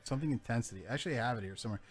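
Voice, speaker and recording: A man's voice: mid-range voice, racing, slightly rough. A man hosting a casual podcast chat, laughing often and talking loosely. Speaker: podcast host.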